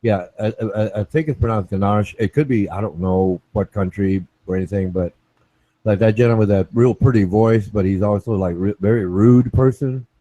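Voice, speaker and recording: A man with a low, mellow voice hosts a casual talk show and keeps circling back to his point. He restarts sentences and checks in with "right?", speaking from a dry, close space. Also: moderate pace, no echo, lo-fi sound. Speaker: show host. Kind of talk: casual chat.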